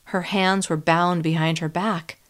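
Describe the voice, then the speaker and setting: A woman narrating a first-person audiobook in an expressive, tense storytelling manner. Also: lowish voice, unhurried.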